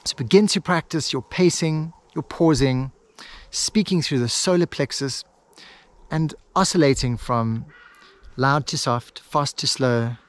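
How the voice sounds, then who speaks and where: A man teaching hypnosis, switching between quick lively talk and a slow, soft, paused delivery. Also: medium pitch. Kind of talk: instructional video monologue.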